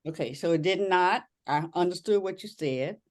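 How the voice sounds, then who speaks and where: A woman's voice: on the low side, lively intonation, moderate pace. A woman co-hosting a casual group chat, giving reassuring feedback in a rambling way with lots of fillers. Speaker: co-host.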